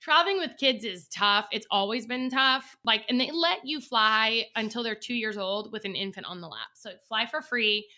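A woman's voice: fairly high pitch, normal speed, few pauses, pushed and bright. A young adult woman co-hosting a podcast, chatting casually and rambling, with the odd swear. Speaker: podcast co-host. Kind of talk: casual chat.

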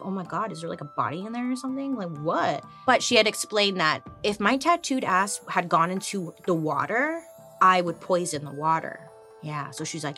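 A woman's voice: fairly low pitch, lively intonation, fairly quick, sharp tone, soft background music. A woman in her thirties hosting a history podcast, chatty and irreverent, swearing casually as she tells the stories. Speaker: podcast host.

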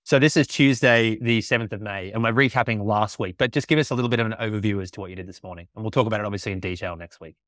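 A man hosting a podcast, asking quick questions in a joking, casual way. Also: lowish voice, fairly bright tone, no echo, clean studio sound. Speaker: podcast host. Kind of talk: casual chat.

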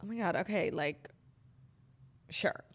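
A young woman co-hosts a podcast, chatting casually and gushing, cursing freely and laughing often. Her voice is husky, on the low side, and unhurried.

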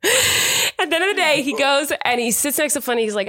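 A woman's voice: high-pitched, animated, moderate pace, bright, forceful tone. A woman co-hosting a podcast, telling a family story in a rambling, affectionate, teasing way. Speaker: podcast co-host. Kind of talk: casual storytelling chat.

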